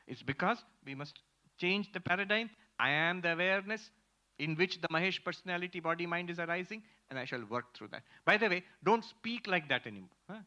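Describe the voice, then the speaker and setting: A man's voice: high voice, animated, fairly quick, pushed and bright. A man, a monk teaching Vedanta in a lecture with audience questions, emphatic and repeating key phrases. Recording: muffled lo-fi lecture recording.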